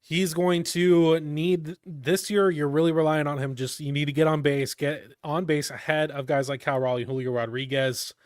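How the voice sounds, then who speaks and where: A man giving live fan play-by-play of a baseball game, calm between pitches and shouting on big plays. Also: normal speed, few pauses, clean tone, dry recording, studio quality. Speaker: fan commentator.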